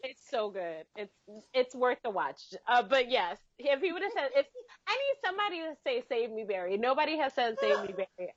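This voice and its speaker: High-voiced woman in casual chat. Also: animated, moderate pace, no echo, muffled recording. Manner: chatty, says y'all, laughs often. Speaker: podcast co-host.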